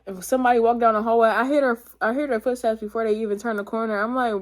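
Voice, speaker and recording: A woman's voice: a little high, fast talker, hardly any pauses. Rambling young woman telling her story. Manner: rambling with many fillers; casual slang, addresses viewers as y'all. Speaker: vlogger. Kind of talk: storytime testimony.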